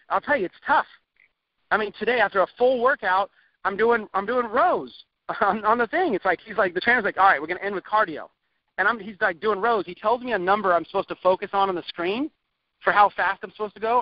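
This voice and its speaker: A man in his thirties giving a recorded marketing lesson, energetic and rambling, with frequent laughs and restarts. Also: sits high, no room sound, lo-fi sound. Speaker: online marketing coach.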